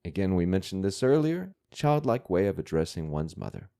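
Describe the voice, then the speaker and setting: A man's voice: deep voice, sing-song, brisk, gravelly, mellow. A man teaching language, patiently breaking down words and grammar in a methodical way. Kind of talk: explaining vocabulary.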